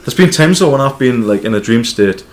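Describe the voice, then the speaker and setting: A man co-hosting a casual podcast chat, telling animated stories with lots of swearing and laughter. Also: medium pitch, fairly quick. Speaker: podcast co-host.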